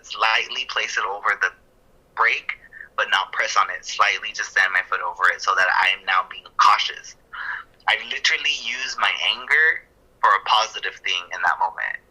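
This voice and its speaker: A man co-hosting a podcast, explaining counseling ideas in a casual, thoughtful way, working through his points with fillers and quick self-corrections. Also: lowish voice, sharp tone, low-quality recording.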